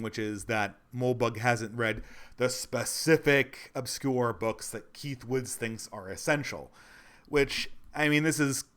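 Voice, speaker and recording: A man's voice: medium pitch, a bit bright. Irritated man in his thirties, commentary. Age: 30s. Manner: conversational, restarts and repeats phrases, irritated. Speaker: channel host. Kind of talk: critical commentary monologue.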